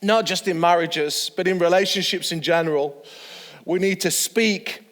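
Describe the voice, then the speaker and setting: A man with a fairly high voice leads an online church sermon and tells a story with easy chuckles. His voice carries a long, ringing reverb. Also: normal speed, fairly bright tone. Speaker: pastor.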